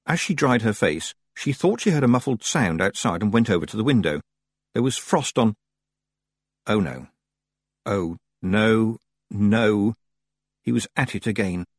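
Brief: male audiobook narrator, husky tone, dry close sound, very lively pitch. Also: dry recording. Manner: expressive, wide-ranging delivery. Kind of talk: storybook narration.

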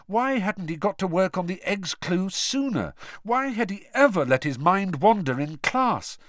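A man narrating a novel as an audiobook in an expressive storytelling manner. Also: high-pitched, measured pace, no room sound, studio quality. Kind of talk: scripted narration.

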